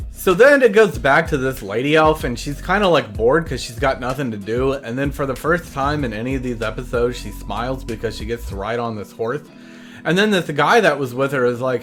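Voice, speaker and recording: A man hosting a comedic episode recap, telling it in a deadpan, meandering way full of side stories. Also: mid-range voice, fairly quick, soft background music. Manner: deadpan, meandering storytelling with asides.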